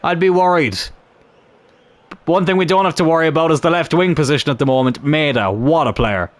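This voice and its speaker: A young man commentating on his own football video game in a chatty, animated way, swearing mildly as he plays. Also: fairly high pitch, brisk, dry recording. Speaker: gaming YouTuber.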